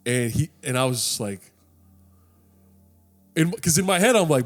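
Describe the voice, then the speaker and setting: A young man telling a story in a casual podcast chat, animated and profane, acting out the people in his tale. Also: fairly high pitch, a little fast, breathy edge.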